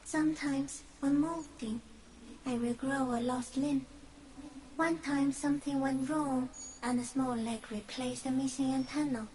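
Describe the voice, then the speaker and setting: An ancient eerie insect creature. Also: female voice, high voice, steady tone, slight background noise, rough recording. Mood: dreamy. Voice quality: soft, drifting, often breathy. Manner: slow, otherworldly, halting phrases. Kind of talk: video game voice acting.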